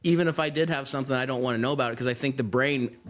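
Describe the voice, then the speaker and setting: A man's voice: mid-range voice, rapid-fire, slight background noise. A young adult man on a casual podcast, answering his friends' teasing with laid-back, dry comebacks. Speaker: podcast co-host. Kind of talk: casual banter.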